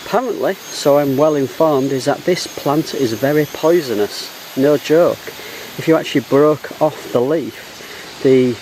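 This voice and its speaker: A man talking casually to camera as he walks outdoors through a garden, upbeat and motivational, getting excited as he speaks. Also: medium pitch, a little hiss or hum, rough recording. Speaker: travel vlogger. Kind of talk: casual walk-and-talk to camera. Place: outdoor botanical garden, walking.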